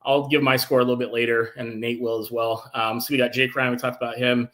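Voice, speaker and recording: A man hosting a casual sports talk show, enthusiastic and animated, reading out viewer comments. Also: mid-range voice, quick pace. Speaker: podcast host.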